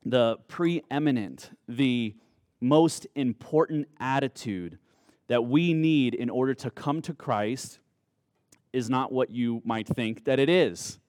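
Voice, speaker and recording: A man preaching a sermon in an earnest way, drawing out key words in slow, emphatic phrases. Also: mid-range voice, a little mellow, no echo, clean studio sound. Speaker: pastor.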